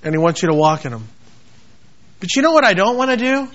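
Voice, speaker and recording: A man's voice: sits high, big pitch swings, quick pace, fairly bright tone. A man preaching a sermon with passion, repeating phrases and acting out quoted scripture. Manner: passionate, repetitive, quotes scripture in acted voices. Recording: dull lo-fi sound.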